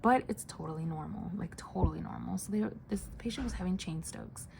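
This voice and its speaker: A woman who works as a nurse, telling a story in a casual storytime. She speaks softly, often close to a whisper, with many fillers. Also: lowish voice, a little fast, creaky, a little hiss or hum. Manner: soft, hushed delivery with many fillers.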